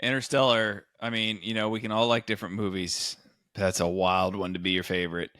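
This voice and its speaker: A man hosting a podcast, telling an office story in a lively, animated way and acting out the quotes. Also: fairly low pitch, fairly quick, no room sound, studio quality. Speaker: podcast host. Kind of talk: casual chat, storytelling.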